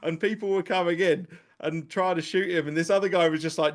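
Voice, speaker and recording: A man hosting a casual podcast, talking in a rambling, animated way and laughing often. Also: sits high, fast. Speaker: podcast host.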